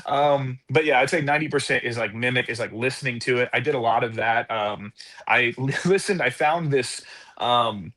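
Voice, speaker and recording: A man, an actor guest on a podcast, talking in a relaxed, self-deprecating way and laughing easily. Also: mid-range voice, normal speed. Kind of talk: casual podcast chat.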